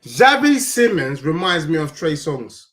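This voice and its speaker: A man ranting heatedly about football in street slang, often shouting. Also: on the high side, big pitch swings, a little slow. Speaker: football fan channel host. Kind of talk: angry fan rant with sung parody.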